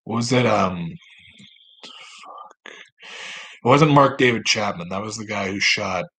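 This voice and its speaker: A man's voice: fairly low pitch, normal speed, fairly bright tone, husky. A man at home, talking straight to camera in a rambling, profane, self-mocking monologue. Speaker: vlogger.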